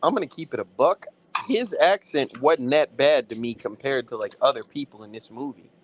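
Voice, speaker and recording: A man co-hosting a film review chat, talking in an animated, profane, slang-heavy way. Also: mid-range voice, normal speed, rough recording. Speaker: podcast co-host reviewing films. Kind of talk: casual chat.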